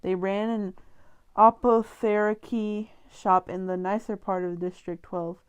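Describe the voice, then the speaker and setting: A woman reads a novel aloud for her channel, casual and occasionally stumbling, breaking off to chat with joking, slangy asides. Her medium-pitched voice is smooth and flat, measured in pace, on a muffled recording.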